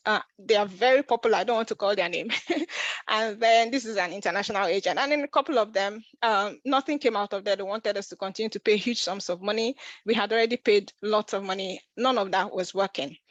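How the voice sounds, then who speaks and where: A woman's voice: mid-range voice, a bit bright, dry recording. Earnest woman telling her story. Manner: earnest, emotional, frequent restarts. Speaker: vlogger. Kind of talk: casual personal storytelling.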